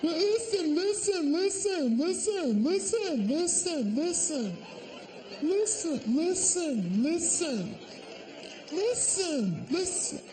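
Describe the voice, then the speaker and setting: A man doing a shrill whiny girlfriend. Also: expressive, slow, background noise, exaggerated voice. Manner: shrill, repetitive, pleading. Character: whiny nagging girlfriend, young woman. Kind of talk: stand-up comedy impression.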